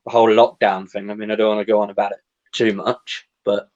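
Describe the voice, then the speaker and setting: An easygoing male podcast host with a low voice, guiding the chat with questions. The sound is a bit muffled and lo-fi. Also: little pitch movement, quick pace, darkish tone.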